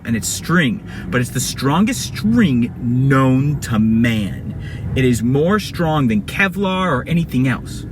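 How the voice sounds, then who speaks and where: A man's voice: mid-range voice, background noise. A man telling a made-up adventure story casually, rambling and correcting himself as he goes.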